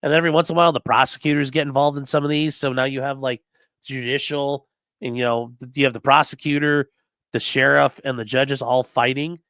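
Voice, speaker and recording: With a mid-range voice and a fairly quick pace, a defense attorney swaps courtroom stories in a casual livestream chat, cursing freely and performing the people he quotes. The audio is studio quality, with no room sound.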